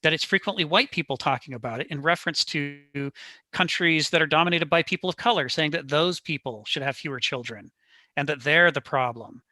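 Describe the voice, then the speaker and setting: A man leading a study group discussion, animated and laughing as he makes his points. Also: a little high, a little fast, dry recording.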